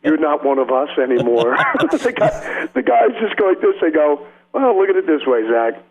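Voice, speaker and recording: A man's voice: fairly high pitch, sing-song, moderate pace. A man telling rambling stories in a casual radio interview, heavy on slang, laughing often and acting out the people in them. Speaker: rock guitarist guest. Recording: slightly dull radio audio.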